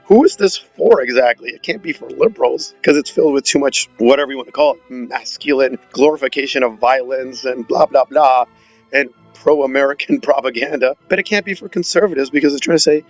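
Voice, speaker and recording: A man's voice: medium pitch, fairly even intonation, a little fast, no room sound, muffled recording, soft background music. A man giving a sarcastic, exasperated film review, mocking the movie as he goes. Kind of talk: opinionated film review monologue.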